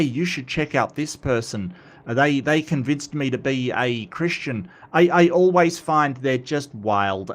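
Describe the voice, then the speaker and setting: Male stream host, mid pitch, joking and rambling, voice a bit rough from a cold. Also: a bit bright. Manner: rambling, joking, repeats himself and stumbles. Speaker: host of a commentary channel. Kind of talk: casual livestream commentary.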